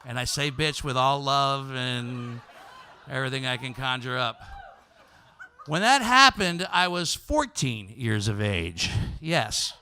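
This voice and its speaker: A male podcast host telling a comic story live on stage, swinging from loud shouts to hushed asides. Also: on the high side, a little hiss or hum. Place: live stage before an audience.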